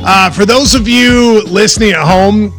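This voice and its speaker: Bright-voiced sports radio host. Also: male voice, high-pitched, a little slow, soft background music. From Kentucky. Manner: joking, teasing. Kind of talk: casual sports talk.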